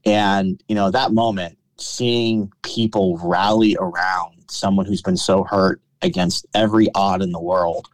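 A man, a trial lawyer, telling stories in a conversational interview, animated and full of restarts. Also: low voice, measured pace, few pauses, no room sound. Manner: animated storyteller, many restarts.

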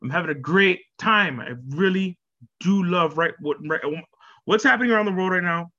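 A man with a fairly high, bright, forceful voice talks casually to his online audience. He is animated, laughs a lot and often stumbles over repeated words. The recording sounds dull and lo-fi. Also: normal speed. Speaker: vlogger. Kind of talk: casual talk to camera.

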